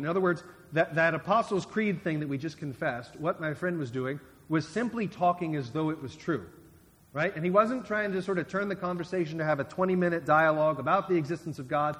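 A man's voice: fairly high pitch, lively intonation, brisk, a bit bright, in a large hall. A man preaching a sermon in a conversational way, with frequent restarts and asides to the congregation. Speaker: guest preacher.

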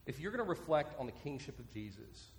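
A man preaching a sermon as pastor, earnest and repeating his key points slowly so listeners can write them down. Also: mid-range voice, big pitch swings. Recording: long reverb from a large hall.

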